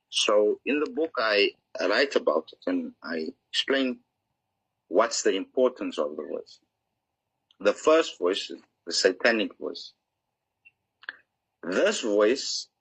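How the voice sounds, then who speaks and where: A man's voice: lowish voice, a bit bright, husky, poor audio. A man being interviewed as an author, explaining his ideas in an earnest, teaching manner and acting out examples. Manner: earnest, explanatory, acts out inner voices. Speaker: author guest.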